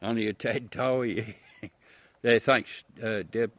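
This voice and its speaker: In a dry recording, a middle-aged Australian man takes his time in a medium-pitched, steady, fairly bright voice. He's casually chatting on a livestream, cracking jokes, swearing and laughing frequently as he points his telescope at the moon.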